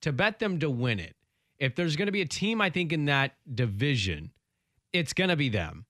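A man co-hosting sports radio, loud and confident as he breaks down the college football season. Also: fairly high pitch, very animated, normal speed, dry recording, studio quality. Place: radio studio. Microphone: studio mic.

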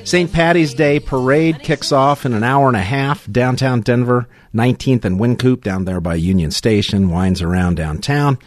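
A man's voice: mid-range voice, moderate pace, few pauses, no room sound, soft background music. A man hosting a talk radio show, chatting casually with jokes, fillers and restarts. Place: radio studio. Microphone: studio microphone.

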